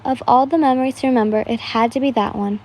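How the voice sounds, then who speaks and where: A woman's voice: fairly high pitch, steady tone, quick pace, darkish tone, lightly acted. A woman doing a grumpy, sarcastic schoolgirl.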